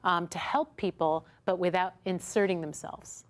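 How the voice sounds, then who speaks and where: A woman with a fairly low voice teaches a customer-service workshop in a studio classroom. She is lively and acts out little dialogues, often asking the room "right?". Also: normal speed. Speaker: instructor. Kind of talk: recorded workshop lesson. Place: studio classroom with a small audience.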